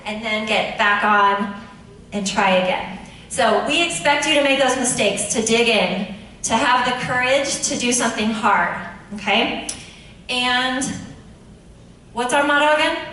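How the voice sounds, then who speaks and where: A woman's voice: high voice, lively intonation, normal speed, fairly bright tone. A woman principal talking to students at a school assembly, friendly and instructive, often asking the kids questions. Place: large echoey school room. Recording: very echoey room, speaker far from mic, faint noise.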